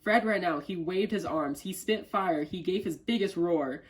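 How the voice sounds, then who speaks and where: A young man reading a children's picture book aloud with careful, even delivery and the odd small stumble. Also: high voice, normal speed, rough recording. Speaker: volunteer reader.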